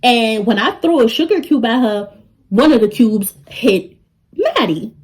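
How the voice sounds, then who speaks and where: A young woman telling a story to her vlog audience in an animated way. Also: on the high side, unhurried, low-quality recording. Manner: animated, talks straight to the audience. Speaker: vlogger.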